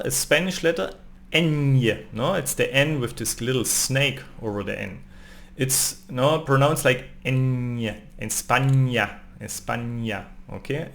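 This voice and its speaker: A man teaching a language lesson, reading phrases slowly and repeating them, often adding a questioning "no?". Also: medium pitch, vocal fry, a bit bright. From Germany. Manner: slow, repeated pronunciation drills with tag questions.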